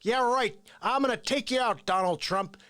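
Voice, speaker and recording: A man's voice: very high-pitched, normal speed, bright, forceful tone, clean tone, no echo. A man doing an impression of a sneaky old male politician who taunts his rival. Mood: taunting.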